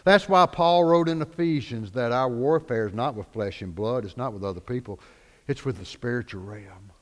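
A man preaching a sermon, animated, acting out the voices he quotes. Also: mid-range voice, normal speed. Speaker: pastor. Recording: echoey hall.

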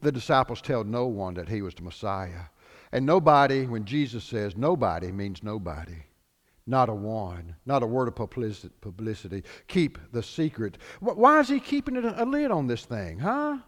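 A man preaching a sermon as pastor, animated, swinging between loud declarations and hushed lines. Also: mid-range voice, normal speed, big-room sound.

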